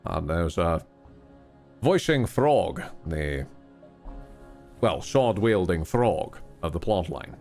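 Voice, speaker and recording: A man's voice: deep voice, sing-song, slow pace, pauses often, darkish tone, faint music behind. A man live-streaming a game, chatting casually, rambling and swearing often with candid asides.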